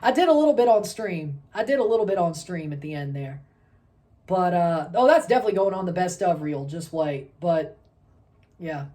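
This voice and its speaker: A woman in her thirties hosting a casual sports review vlog, excitable and rambling, correcting herself as she goes. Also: lowish voice, moderate pace. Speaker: sports channel host.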